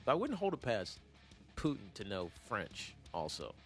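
A man hosting a sports talk show, rambling and joking in a casual, animated way with lots of fillers. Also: fairly low pitch, normal speed, faint music behind. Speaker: sports radio host.

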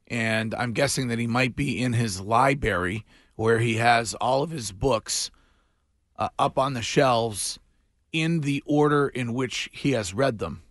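A man's voice: medium pitch, a little slow, fairly bright tone, dry recording, clean studio sound. A man hosting a morning radio show, chatting casually and jokily with lots of restarts. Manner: chatty, jokey, trailing fillers and restarts. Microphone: studio microphone.

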